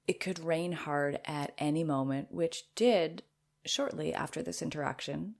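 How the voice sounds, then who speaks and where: A woman podcast host reads her old blog post aloud and breaks in with playful, self-amused comments. Her voice sits low and carries a gravelly edge. She talks in an animated, lively way. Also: measured pace.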